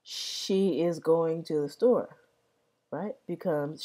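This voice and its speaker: A woman's voice: deep voice, slow, mellow. A young adult woman explaining language in a casual vlog, rambling, repeating herself and often asking "right?". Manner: rambling, repeats words, many "right?" checks.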